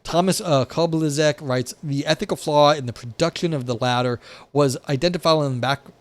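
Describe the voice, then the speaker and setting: A man's voice: on the high side, a little fast, dry recording. A young man on a live stream, reading philosophy aloud and reacting with wry, profane asides full of "like" and restarts. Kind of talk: casual live-stream commentary. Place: indoors at a desk by a window.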